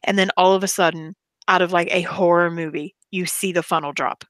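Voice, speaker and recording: Lol woman hosting a chat stream, lively storyteller, dry close mic. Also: on the low side, brisk, no echo. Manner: animated, laughs through her story. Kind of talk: casual group chat, storytelling.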